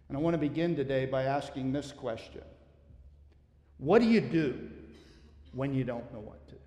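A man's voice: sits high, a little mellow. A man preaching a sermon as a pastor, emphatic and repeating his key phrases. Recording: echoey hall reverb.

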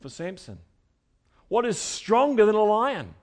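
A man with a high, light voice delivers a sermon. He talks to the congregation in a conversational way, sliding between quiet asides and loud, emphatic runs. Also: very animated, unhurried. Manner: conversational preaching, swinging from soft asides to loud emphatic bursts. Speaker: pastor.

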